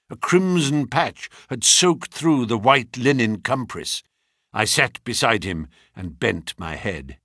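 An expressive man narrates a first-person story, and his pitch moves a lot as he reads. His voice is bright and edgy, with a husky grain. The recording is close and dry, with no room around it. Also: no room sound. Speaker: audiobook narrator.

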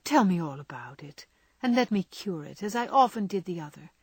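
A woman voicing a frank, spirited young woman in a storybook reading, brisk and bossy yet caring. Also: lowish voice, expressive, husky, no echo. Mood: tender. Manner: brisk scolding, softening to tender.

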